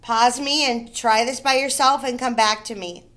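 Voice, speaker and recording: A woman teaching a first grade reading lesson to young children, speaking patiently and clearly and sounding out words syllable by syllable. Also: on the high side, steady tone, normal speed, fairly bright tone. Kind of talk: recorded remote reading lesson.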